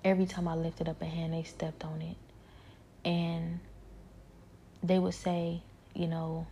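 Gravelly woman whispering a spiritual testimony. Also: lowish voice, little pitch movement, unhurried, long pauses, slight background noise. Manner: hushed, often whispering, rambling.

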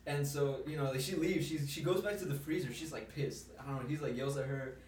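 A man's voice: medium pitch, brisk, a little mellow, recorded from a distance, slight background noise. Young man swearing, telling stories, in an echoey room. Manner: rambling, slangy, swears a lot. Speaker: storyteller in a chat. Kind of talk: casual chat. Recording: echoey room, away from mic.

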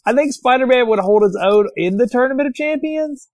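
Male podcast host, joking, rambles, very animated pitch, dry close sound. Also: fairly quick, no echo. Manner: playful, rambling, jokey. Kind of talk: casual chat.

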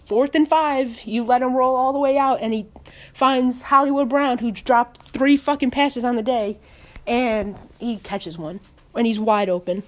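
Woman fan, furious sports rant, high voice that leaps around, heavy swearing. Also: a little mellow. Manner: swears heavily, exasperated, repeats words. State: upset. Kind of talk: angry post-game rant.

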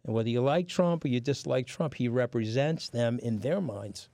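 A man's voice: medium pitch, normal speed, dark tone, dry recording. A middle-aged man with a New York accent, guest on a casual chat show, telling stories bluntly and swearing freely. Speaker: podcast guest. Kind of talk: profane storytelling in casual chat.

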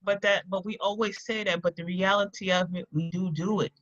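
A woman's voice: fairly low pitch, fairly even intonation, a little fast, a bit bright, no echo. A woman co-hosting a podcast, talking bluntly and emphatically in casual slang. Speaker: podcast co-host. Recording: slightly dull lo-fi sound.

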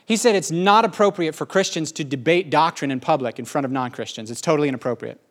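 Animated fast-talking preacher man. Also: fairly high pitch. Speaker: pastor. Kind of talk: sermon.

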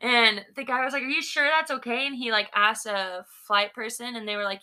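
Bright, lively young woman storyteller. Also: a little high, a little fast. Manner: animated, acts out quoted people. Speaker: podcast co-host, daughter. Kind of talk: casual storytelling chat.

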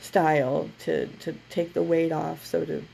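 This is a woman co-hosting a podcast, her voice low, warm and heavily gravelly. She chats loosely with plenty of fillers and restarts, then eases into introducing a guided meditation. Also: steady tone, a little slow, slight background noise, low-quality recording. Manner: chatty, rambling with many fillers. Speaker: podcast co-host.

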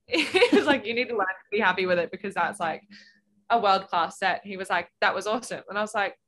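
Animated young woman telling stories. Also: medium pitch, fast talker. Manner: animated storyteller, acts out quotes, laughs often. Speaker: guest swimmer. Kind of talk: casual interview chat.

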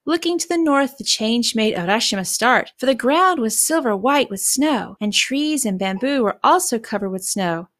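A woman narrating a fairy tale in a clear, descriptive reading voice. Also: a little high, lively intonation, moderate pace, hardly any pauses, fairly bright tone, no room sound. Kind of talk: storybook reading.

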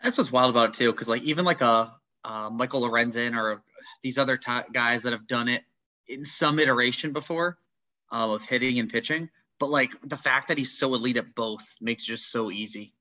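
A man's voice: mid-range voice, a little fast, bright, forceful tone. A man in a casual sports chat, thinking aloud and searching for words. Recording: dull lo-fi audio.

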